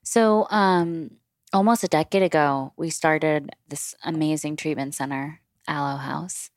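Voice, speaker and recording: A woman's voice: sits low, steady tone, measured pace, dry recording, studio quality. A woman in her thirties, a podcast guest, talking candidly about personal experiences in casual chat at home. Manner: candid, confessional storytelling.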